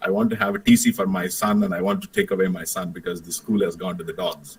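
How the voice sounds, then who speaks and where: A man voicing an indignant middle-aged father who rushes through his complaints in an anecdote. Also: low voice, breathy edge, far from the mic, pitched below the performer's own voice, rough recording.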